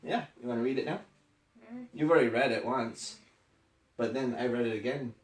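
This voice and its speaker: A woman's voice: extremely low pitch, moderate pace. A woman reading a picture book aloud to her child at home, making laughing asides to the child. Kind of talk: casual read-aloud at home. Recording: echoey room, distant mic, faint noise.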